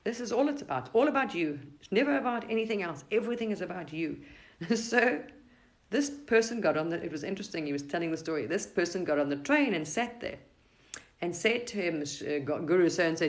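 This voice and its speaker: A middle-aged woman chats casually on a live stream, offering gentle spiritual advice in a rambling, restarting way. Her voice sits a little low. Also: lively intonation, fairly quick, poor audio. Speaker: livestream host.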